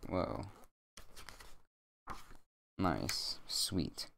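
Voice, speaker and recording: A young man streaming from home at a desk mic, reading a bedtime story aloud with rambling, jokey deadpan asides. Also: deep voice, unhurried, gravelly, a little hiss or hum.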